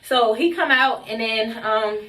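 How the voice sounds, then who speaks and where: A woman's voice: fairly high pitch, measured pace, bright, forceful tone. A young woman telling a story on her vlog, blunt and emphatic, cursing constantly. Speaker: vlogger.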